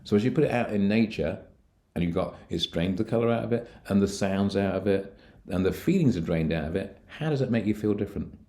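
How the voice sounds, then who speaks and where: A middle-aged man, a mind coach, calmly guiding the listener through techniques for handling anxiety, speaking straight to them. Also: lowish voice, a little fast. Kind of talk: instructional coaching talk.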